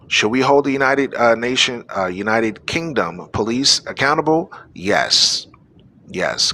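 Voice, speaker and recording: A man's voice: on the low side, pushed and bright. A man hosting a live-streamed news show, delivering preachy, exhorting commentary to his audience. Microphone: phone or webcam on a live stream.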